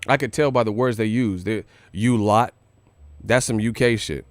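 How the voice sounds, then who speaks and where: A man's voice: medium pitch, brisk, dry recording. A man hosting a live boxing commentary stream, talking loosely with profane street slang and lots of repeats. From United States.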